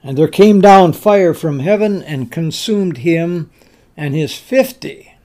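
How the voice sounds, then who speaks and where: A man's voice: on the high side, lively intonation, takes it slowly, dark tone. A man preaching a sermon, retelling scripture with frequent restarts and repeated words, and voicing the king with rising anger.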